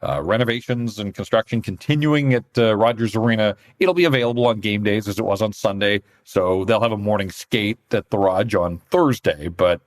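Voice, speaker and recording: Speaking fairly quickly with few pauses, a man with a lowish voice co-hosts a hockey podcast. He's a reporter and a chatty storyteller who laughs frequently during the casual conversation.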